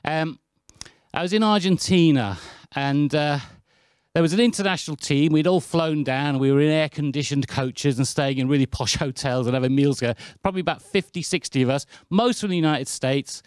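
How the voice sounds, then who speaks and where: Man from the UK preaching; anecdotal, lively, dry close sound. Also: fairly high pitch, brisk, smooth, no room sound. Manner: anecdotal, chatty and lively, with self-deprecating asides. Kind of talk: sermon.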